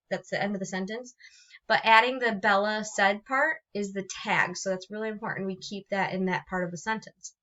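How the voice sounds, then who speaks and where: A woman teacher walks through grammar rules in a recorded lesson, patient and explanatory, often pausing and restarting mid-sentence. Her voice is bright and forward. The recording is dull and lo-fi. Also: medium pitch. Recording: dull lo-fi sound.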